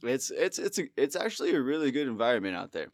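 A man's voice: mid-range voice, sing-song, fast, no room sound. A man guesting on a podcast, telling stories in a laid-back, easygoing way, recorded in a studio. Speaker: guest, musician. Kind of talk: casual podcast chat.

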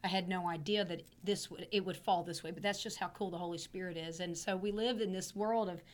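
A woman pastor, hoarse from laryngitis, teaching casually on a podcast and often repeating herself and clearing her throat. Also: lowish voice, steady tone, fairly quick.

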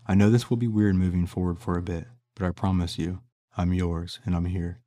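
A man's voice: deep voice, level tone, a little fast, dark tone, natural voice. A man voicing a young man who speaks earnestly and confessionally to the woman he loves.

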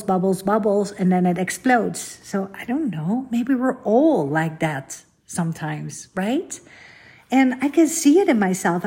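Husky-voiced woman chatting on a podcast. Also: medium pitch, warm tone. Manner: chatty and confiding, asks the listener questions. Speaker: podcast host. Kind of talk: casual solo podcast chat.

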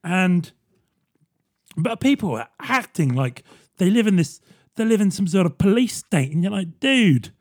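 A man's voice: high-pitched, big pitch swings, a little slow, darkish tone. A young man, ranting casually and sarcastically, swearing and mocking people in put-on voices. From England.

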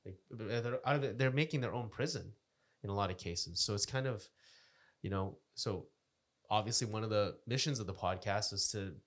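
A man hosting a casual podcast chat, halting and searching for words as he talks. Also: on the low side, fairly bright tone. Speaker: podcast host.

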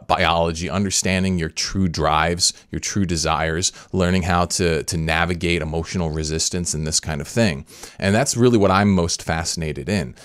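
A man's voice: low voice, dry recording, clean studio sound. A man hosting a podcast, commenting in a rambling, casual way with frequent restarts. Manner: rambling, self-correcting, repeats words. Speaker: podcast host.

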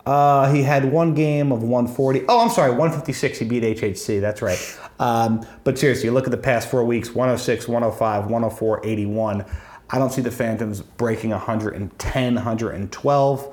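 A man's voice: medium pitch, normal speed, a little mellow. A man co-hosting a fantasy football podcast, talking through matchups in a chatty, analytical way with frequent ums. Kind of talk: casual sports chat.

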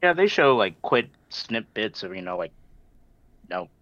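Man, lowish voice, dry, dull lo-fi sound, loose chat. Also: very animated, normal speed, fairly bright tone, no room sound. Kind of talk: casual film discussion.

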